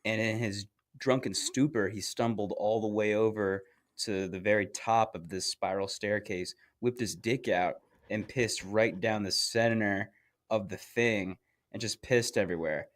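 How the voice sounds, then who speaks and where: A young man co-hosting a podcast, telling a crude college anecdote in relaxed, profane casual chat. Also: fairly low pitch, unhurried. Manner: relaxed, swearing, chiming in with his own anecdote. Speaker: podcast co-host.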